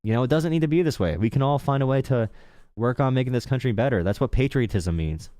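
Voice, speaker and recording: A young man from the Appalachian coal region hosting a live political call-in show, talking fast with many fillers and restarts. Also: mid-range voice, animated, mellow, dry recording, studio quality. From Appalachian coal region, USA. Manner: rapid, lots of fillers and restarts. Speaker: political talk show host.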